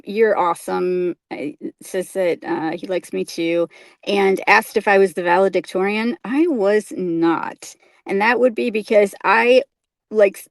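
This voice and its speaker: A woman's voice: mid-range voice, no echo. Chatty young Midwestern woman, dry close sound. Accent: American Midwest. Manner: chatty, filler-heavy, giggly. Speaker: co-host. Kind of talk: casual live-stream chat.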